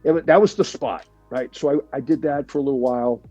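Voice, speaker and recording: Here the same Boston-area veteran speaks in a mid-range voice, still fast, over soft background music. The recording has no echo and the highs are cut off. As an interview guest he chats animatedly through his stories, swearing freely and punctuating each point with "right?" and plenty of "like".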